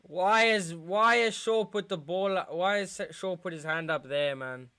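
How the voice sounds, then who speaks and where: Young english guy on a football watchalong stream, gutted and sighing, slow and smooth. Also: high-pitched, pushed and bright. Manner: dejected, sighing, talking to chat. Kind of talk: live football watchalong reaction.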